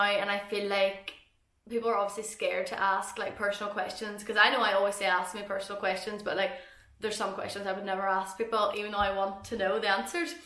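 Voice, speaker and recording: A woman's voice: medium pitch, sharp tone, reverberant. A young woman with a Northern Irish accent, chatting casually to camera while eating. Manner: chatty, rambling, eating between sentences. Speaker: vlogger.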